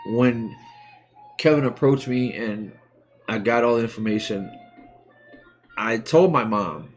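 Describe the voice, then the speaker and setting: A man in his forties from the United States, hosting a live stream and speaking openly and emotionally about his own life, with many pauses and restarts. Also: mid-range voice, faint music behind. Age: 40s. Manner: halting and heartfelt, many restarts. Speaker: livestream host. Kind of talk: emotional personal talk.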